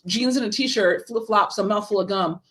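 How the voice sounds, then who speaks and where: A woman telling a lively personal story as a podcast guest, swearing freely and acting out what people said. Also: mid-range voice, normal speed. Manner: animated, profane, acts out quoted dialogue. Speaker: guest, horror writer and event creator. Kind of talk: casual storytelling in a podcast interview.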